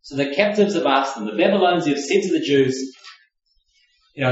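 A man's voice: a little high, expressive, fairly quick. A man preaching a sermon, reflective and conversational, often hedging with fillers as he teaches. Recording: very echoey, distant mic, dull lo-fi.

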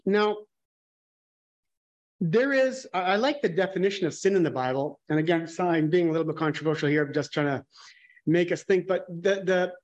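A man's voice: high voice, normal speed, dull audio. A man preaching a conversational sermon, candid and musing, thinking aloud and often restarting his sentences.

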